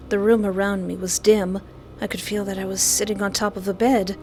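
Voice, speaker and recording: A woman reading a visual novel aloud in first person, animated and playfully sarcastic, with faint music behind. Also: mid-range voice, a little fast. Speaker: visual novel player and narrator.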